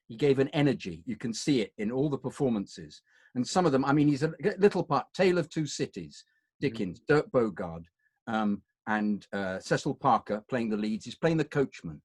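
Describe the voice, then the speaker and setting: A man's voice: mid-range voice, no room sound. Posh-spoken English man, dry close sound. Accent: upper-class English. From England. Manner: anecdotal, digressive. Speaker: actor, guest. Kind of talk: conversational reminiscing.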